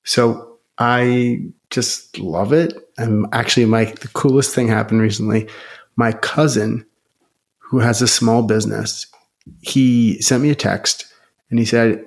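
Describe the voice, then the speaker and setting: A man's voice: medium pitch, fairly even intonation, a little slow. A man talking on a podcast in a casual, enthusiastic way, with lots of "you know" fillers. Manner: enthusiastic, rambling with many fillers. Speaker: podcast guest.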